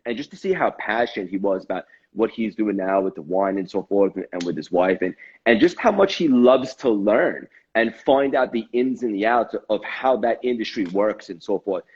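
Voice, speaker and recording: A man with a New York accent hosting a casual show, earnest and animated, repeating himself as he talks. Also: lowish voice, fairly quick, husky. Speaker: show host. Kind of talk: casual podcast chat. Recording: dull lo-fi audio.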